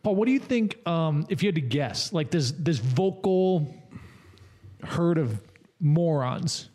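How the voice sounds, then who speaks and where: A man's voice: fairly high pitch, expressive, takes it slowly, darkish tone. A man hosting a podcast, asking questions with wry, teasing remarks. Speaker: podcast host. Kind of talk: casual podcast chat.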